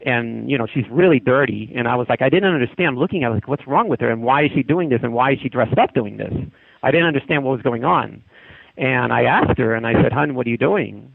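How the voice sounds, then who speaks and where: Gravelly-voiced man telling a story over a phone line. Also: mid-range voice, lively intonation, quick pace, dry recording. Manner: rambling, with many restarts. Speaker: guest telling a haunting story. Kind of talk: casual storytelling on a podcast.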